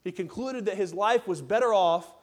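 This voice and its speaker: Preacher man with a high voice, hammering points over and over, pushing the church to answer back. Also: normal speed. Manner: emphatic, repetitive, prodding the congregation. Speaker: pastor. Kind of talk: sermon. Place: church service.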